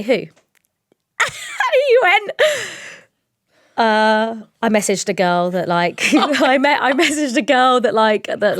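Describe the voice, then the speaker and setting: A young woman co-hosting a podcast, telling a story in a rambling, animated way with lots of fillers. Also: fairly high pitch, dry recording, clean studio sound. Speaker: podcast co-host. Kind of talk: casual storytelling chat.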